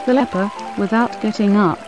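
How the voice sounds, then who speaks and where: A woman's voice: medium pitch, normal speed, music in the background, poor audio. Woman narrating solemnly. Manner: solemn, descriptive reading. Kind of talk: scripted narration.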